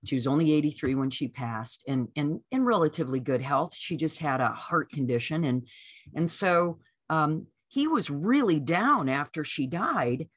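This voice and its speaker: A woman being interviewed as an author, telling a personal story in a lively way and acting out what people said. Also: deep voice, moderate pace, breathy edge, no echo, clean studio sound. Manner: lively storyteller who acts out quoted voices. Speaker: author guest.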